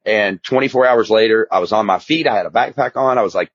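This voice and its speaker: A man's voice: lowish voice, quick pace, no room sound. A man, a guest telling his story in a candid, rambling, emphatic way. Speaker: guest, addiction specialist and author. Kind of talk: casual storytelling interview. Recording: slightly muffled dry recording.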